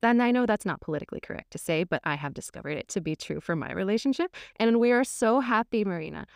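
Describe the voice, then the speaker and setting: A woman's voice: medium pitch, lively intonation, quick pace, vocal fry, clear, resonant tone, dry recording, studio quality. A woman relationship coach talking frankly and candidly on a podcast, laughing often as she speaks.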